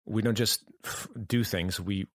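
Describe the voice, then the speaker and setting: A man speaks earnestly in a reflective conversation, stopping and restarting his phrases as he searches for words. His voice sits fairly low, and the recording is close and dry. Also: steady tone, no room sound. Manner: halting, restarts often, earnest. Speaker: podcast guest.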